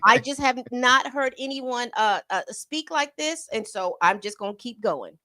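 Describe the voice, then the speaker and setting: A woman's voice: expressive, sharp tone, dry recording. Incredulous woman, dry close sound. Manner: incredulous, voice jumps high when amused; reads statements aloud with pauses. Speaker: co-host. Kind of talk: casual commentary on a news story. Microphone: streaming setup mic.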